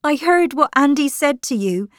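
Give me a woman voicing an upset teenage girl in a storybook, torn and pleading, her voice raised high and strained. The sound is dry, as if close to the mic. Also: animated, moderate pace, dry recording. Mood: distressed.

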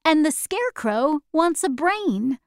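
A woman's voice: sits high, very animated, slow, no room sound, studio quality, voice pushed up, heavily acted. A woman voicing a kind, curious young girl in a storybook reading, her tone raised and eager. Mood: earnest.

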